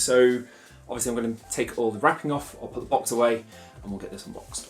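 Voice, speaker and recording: A man's voice: medium pitch, quick pace, faint music behind. A man casually talking through unboxing and setting up a monitor, loose and chatty. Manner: chatty, loose, peppered with "kind of". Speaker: tech reviewer. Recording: roomy echo.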